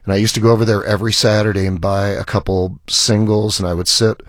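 A man's voice: fairly low pitch, level tone, quick pace, dry recording, studio quality. A middle-aged man, a musician guest on a radio show, telling rambling stories in a casual way and acting out quoted lines. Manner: rambling anecdotes with restarts and acted quotes. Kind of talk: casual storytelling interview.

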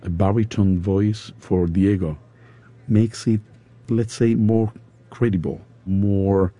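A man with a Spanish accent, an opera singer interviewed in English, his second language, pausing often to search for words. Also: on the low side, steady tone, mellow, dry recording. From Spain. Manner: halting, searching for words with fillers.

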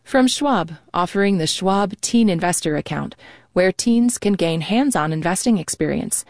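Low, gravelly-edged woman announcer. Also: expressive, normal speed, a little mellow, no room sound, clean studio sound. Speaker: radio announcer. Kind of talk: read sponsor credits.

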